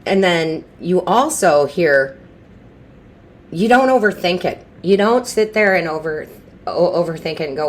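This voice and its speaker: A tarot reader gives an intuitive reading in a chatty, reassuring way, repeating phrases for emphasis and often restarting mid-sentence. Her voice is lowish and expressive, at a moderate pace.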